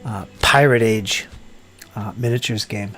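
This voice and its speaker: A man's voice: fairly low pitch, measured pace, bright, forceful tone, faint music behind. A man hosting a casual live hobby chat while he crafts, rambling and joking and often laughing at himself. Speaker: hobby channel host.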